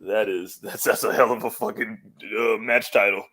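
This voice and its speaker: A man's voice: on the low side, fairly even intonation, normal speed, bright, forceful tone. A man co-hosting a podcast, talking in a laid-back way with laughing asides. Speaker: podcast co-host. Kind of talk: casual chat.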